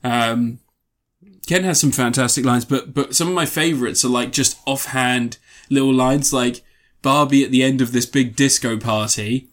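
A man's voice: medium pitch, moderate pace, a bit bright. A young man co-hosting a podcast, casually and enthusiastically recounting film scenes with lots of fillers. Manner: enthusiastic, rambling scene retellings with many fillers. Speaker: podcast co-host reviewing films. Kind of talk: casual chat.

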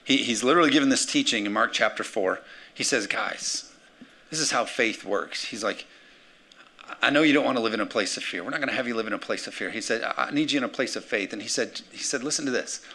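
A man preaching a sermon as pastor, energetic, calling for amens and acting out the words of scripture figures. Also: medium pitch, fast talker, slight background noise. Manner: energetic, calls for amens, acts out quotes.

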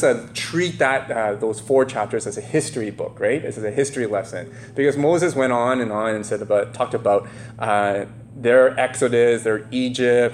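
A man teaching a Bible study lesson, halting with fillers and pressing words for emphasis. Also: mid-range voice, a little mellow, a little hiss or hum.

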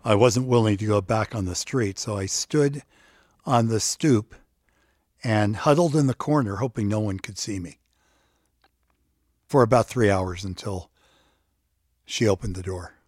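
A man telling a personal story in a reflective, halting way. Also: fairly low pitch, a little mellow, no echo, studio quality. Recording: music bed underneath.

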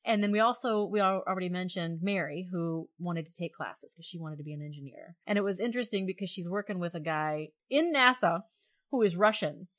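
A middle-aged woman chatting casually about a film, retelling scenes with lively quoted voices. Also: lowish voice, fairly quick. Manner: animated storytelling, acting out quoted voices. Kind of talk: casual chat reviewing a film.

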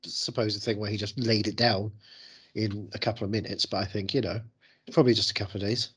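A man's voice: lowish voice, fairly even intonation, brisk, husky. A man co-hosting a casual podcast, chiming in with wry jokes and questions while his partner recaps a show. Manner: wry interjections and jokey asides. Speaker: podcast co-host. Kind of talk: casual chat.

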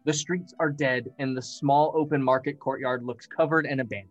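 A man narrating a tabletop game as game master. He describes scenes at length in a mid-pitched voice, stopping now and then to hesitate. Faint music plays underneath. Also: fairly even intonation, fairly quick, dull audio.

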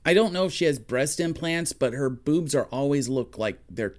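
A woman's voice: rumbling low, lively intonation, a little mellow. Woman co-host, casual movie recap, chatty and rambling. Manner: chatty, trailing off and restarting, quick asides.

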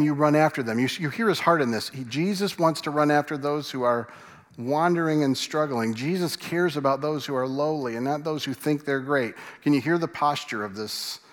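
A male pastor delivers a sermon in a church sanctuary, his voice slightly high and a bit bright. He keeps it conversational, putting questions to the congregation, while the large hall adds long reverb.

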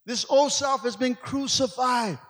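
A man's voice: very high voice, unhurried, fairly bright tone. A man preaching a sermon as pastor, with repeated "amen" and "come on" to his congregation. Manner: preachy call-and-response, frequent "amen" and "come on". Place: church sanctuary. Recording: long hall reverb.

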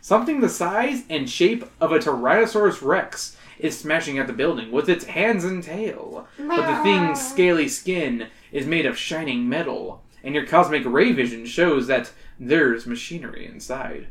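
A man's voice: fairly high pitch, lively intonation, moderate pace, fairly bright tone, roomy sound. A man hosting a podcast, reading a gamebook aloud with joking, crude asides. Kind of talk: comedic read-aloud with banter.

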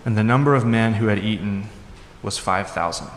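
A male pastor giving a sermon in a conversational way, acting out quoted lines with lively voices. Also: on the low side, normal speed, slight background noise. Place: church hall. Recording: echoey hall.

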